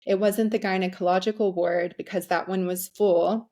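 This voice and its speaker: A woman's voice: medium pitch, steady tone, normal speed, mellow. A young adult woman, a podcast guest, candidly telling a personal story with frequent ums and restarts. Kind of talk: conversational storytelling.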